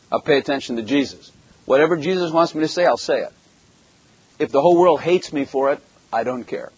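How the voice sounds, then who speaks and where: Blunt husky-voiced preacher. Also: male voice, mid-range voice, no room sound, poor audio. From Germany. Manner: blunt, jokey, rhetorical questions. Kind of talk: sermon with personal testimony.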